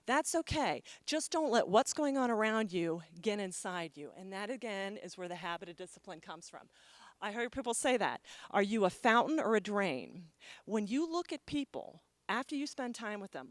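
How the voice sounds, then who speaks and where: A woman's voice: medium pitch, no echo. A woman motivational speaker giving a keynote talk, telling stories with acted dialogue and checking in with the audience. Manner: storytelling with acted dialogue, asks the audience "okay?". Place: conference stage.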